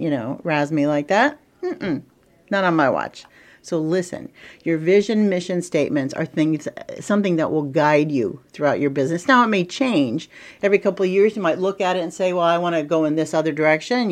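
A middle-aged woman talks through a casual business lesson, chatty and lively. Her voice sits a little low for a woman, and she slips in playful asides as she coaches. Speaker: marketing coach and podcast host.

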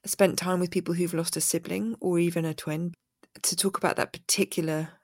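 Thoughtful low-voiced woman podcast host. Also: flat delivery, dry recording, clean studio sound. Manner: thoughtful, measured, gently probing. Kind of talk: reflective interview questions.

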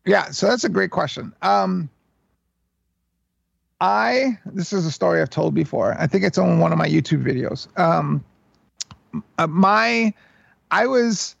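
A man in his fifties from New York tells stories in a lively, animated way, often repeating words as he starts a thought. His voice sits high and is heavily gravelly. The recording sounds dull and lo-fi. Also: no echo. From New York City. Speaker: guest. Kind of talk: casual storytelling interview.

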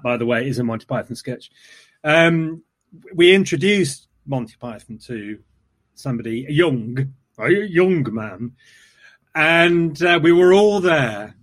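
A man chatting casually as a podcast host, rambling and self-deprecating, with sudden jumps in pitch. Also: fairly bright tone. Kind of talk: casual conversation.

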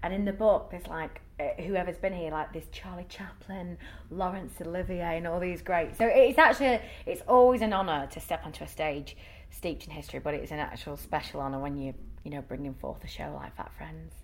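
An actress chatting as a guest in a casual interview, talking freely and often checking in with "you know". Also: female voice, lowish voice, fairly even intonation, brisk, darkish tone, slight background noise.

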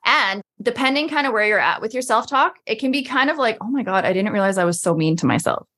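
A woman's voice: on the high side, expressive, quick pace, fairly bright tone. A woman in a casual podcast chat, talking as a coach, chatty and full of "like", acting out her own inner voice.

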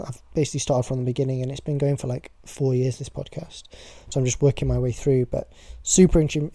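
Young British host, casual solo podcast, warm tone, chatty and sweary. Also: mid-range voice, no echo. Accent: British English. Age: young adult.

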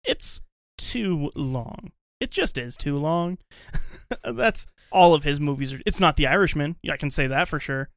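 Lively, gravelly man chatting on a podcast. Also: on the high side, measured pace, no echo, clean studio sound. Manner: laughs often, lively and jokey. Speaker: podcast host. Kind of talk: casual chat.

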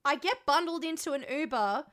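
A woman's voice: high-pitched, expressive, fairly quick, a bit bright. A woman co-hosting a podcast, telling a story in casual chat, rambling with ums and swearing. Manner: rambling, frequent ums, swearing, self-mocking. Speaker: podcast co-host.

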